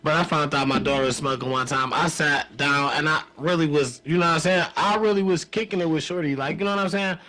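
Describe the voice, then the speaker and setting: A man's voice: fairly high pitch, fast, hardly any pauses, sharp tone. A middle-aged man co-hosting a podcast, telling rambling stories full of slang and profanity. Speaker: podcast co-host. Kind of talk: casual chat.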